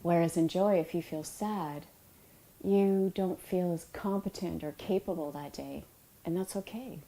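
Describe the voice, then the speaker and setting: A middle-aged woman, an author, giving a reflective talk about emotions in a soft, unhurried and tender way, with pauses. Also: fairly low pitch, low-quality recording. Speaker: author and yoga teacher.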